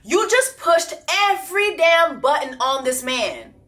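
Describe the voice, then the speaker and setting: A woman's voice: high voice, sing-song, unhurried, fairly bright tone. A woman hosting a reaction video, talking bluntly and profanely, repeating her points for emphasis. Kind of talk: unscripted reaction commentary.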